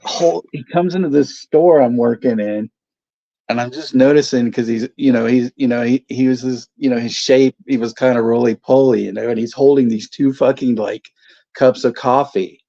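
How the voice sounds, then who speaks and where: Gravelly man rambling through stories. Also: medium pitch, fairly even intonation, mellow. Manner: rambling, halting, many fillers and laughs. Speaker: co-host of a watch-along stream. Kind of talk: casual chat, telling stories. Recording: dull lo-fi stream audio.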